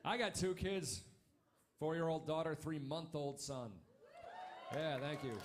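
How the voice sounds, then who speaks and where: A man in his thirties doing a stand-up comedy set on a club stage, wry and punchy, with quick asides to the crowd. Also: on the high side, slight background noise.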